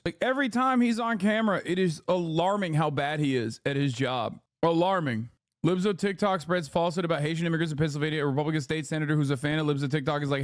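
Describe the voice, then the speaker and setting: Male streamer, mocking and exasperated, slightly high voice, dry sound. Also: lively intonation, fairly quick, dry recording. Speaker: streamer reacting to clips. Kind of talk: casual commentary.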